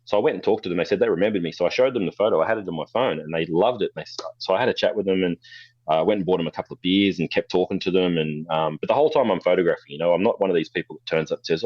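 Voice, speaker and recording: Australian man, low voice, quick and blunt, a bit lo-fi; raconteur photographer guest. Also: no room sound. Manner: blunt, swearing, animated storyteller. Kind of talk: casual storytelling interview.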